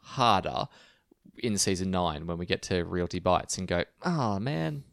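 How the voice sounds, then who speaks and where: A man's voice: low voice, fairly even intonation, normal speed, fairly bright tone, smooth, no room sound, studio quality. A man co-hosting a podcast in a casual, self-mocking chat, chuckling at himself. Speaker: podcast co-host. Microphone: home mic stand.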